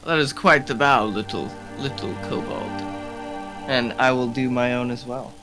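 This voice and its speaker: A man's voice: mid-range voice, moderate pace, over music, lightly acted, poor audio. A man voicing a polite, formal adult dwarf in a tabletop role-play. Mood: courteous. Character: courteous adult male dwarf scholar.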